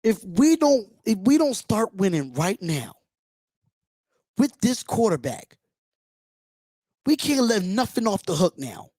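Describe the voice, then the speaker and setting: A man's voice: high voice, big pitch swings, takes it slowly, pauses often, darkish tone, no room sound, clean studio sound. A man hosting a live fan reaction stream, talking with passion, bluntness and frequent swearing. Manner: impassioned, blunt, swears freely. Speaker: livestream host. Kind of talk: emotional fan reaction livestream.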